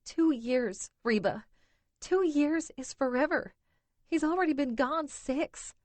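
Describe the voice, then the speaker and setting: A heartbroken teenage girl, barely eighteen, sobbing and pleading in a raised, higher voice, as a woman reads her part in a romance audiobook. Her words come out choked and slow. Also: animated, no room sound.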